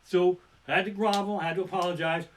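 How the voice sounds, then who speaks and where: A male stand-up comedian from Pennsylvania tells rambling, profane stories on a home live stream from his living room and often bursts into shouted punchlines. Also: sits high, steady tone, quick pace, recorded from a distance. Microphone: simple home streaming setup.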